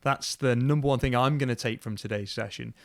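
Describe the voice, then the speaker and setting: A man hosting a podcast interview, thanking his guest in a halting, appreciative way. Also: medium pitch, gravelly, no echo, studio quality. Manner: hesitant, appreciative, halting restarts. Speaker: podcast host. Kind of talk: casual interview chat.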